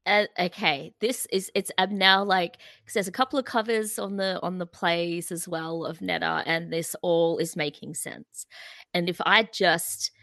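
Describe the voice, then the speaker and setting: A woman's voice: fairly low pitch, fairly even intonation, unhurried, sharp tone, no room sound. A woman co-hosting a music podcast, chatting in a bubbly, filler-heavy way. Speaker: podcast co-host. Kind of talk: casual music podcast chat.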